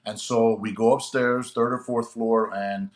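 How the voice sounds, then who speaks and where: On a chatty, lively podcast, a retired police sergeant in middle age spins a story, often pausing to check in with his audience. His pitch is medium and his delivery a little slow.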